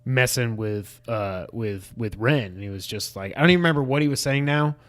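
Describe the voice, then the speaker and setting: A man co-hosting a podcast, giving a casual review with animated, ranting complaints. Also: medium pitch, brisk. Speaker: video game podcast co-host.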